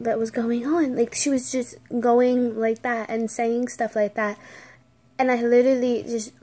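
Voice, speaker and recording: Slow-talking woman telling a spooky story. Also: mid-range voice, a little mellow. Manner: casual storytelling, dropping to whispers for suspense. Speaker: vlogger. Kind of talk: story time.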